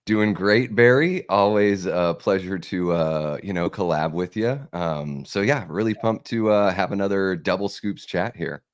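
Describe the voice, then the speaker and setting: Laid-back guest guy, real low voice, dry close sound, lots of ums. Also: measured pace, few pauses, dry recording. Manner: laid-back, filler-heavy, easy laughter. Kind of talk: casual live-stream chat.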